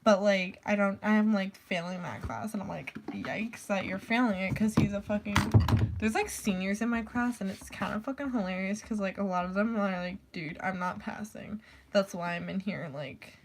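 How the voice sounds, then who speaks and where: A teenage girl in high school, telling a rambling story about her teacher, full of "like" fillers, swearing and quoted voices. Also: normal speed, background noise. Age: teens. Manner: rambling, heavy "like" filler, swearing, animated quoting. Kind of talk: casual storytime rant.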